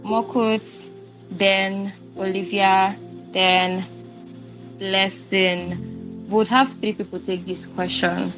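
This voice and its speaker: A woman with a Nigerian accent hosting and moderating a book club discussion in a brisk, conversational way. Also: mid-range voice, little pitch movement, over music, low-quality recording.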